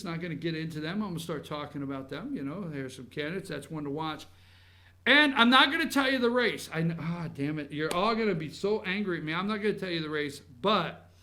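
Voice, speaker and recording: A man hosting a talk show monologue, animated and blunt, swinging from loud outbursts to low muttering.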